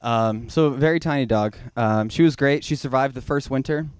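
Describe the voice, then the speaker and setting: A young man doing a stand-up comedy set in a small comedy bar, telling a rambling, self-mocking story and now and then breaking into loud, high-pitched shouting. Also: normal speed, clear, resonant tone, no echo.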